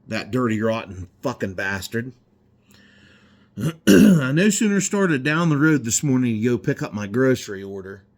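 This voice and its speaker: A man in his garage, heatedly ranting in a rambling, profane vlog monologue. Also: mid-range voice. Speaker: garage owner. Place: indoor garage.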